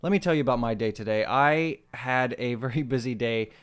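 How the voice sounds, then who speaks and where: Smooth-voiced man co-hosting a chatty podcast. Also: mid-range voice, brisk. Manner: chatty, laughs while telling stories. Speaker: podcast co-host. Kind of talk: casual chat.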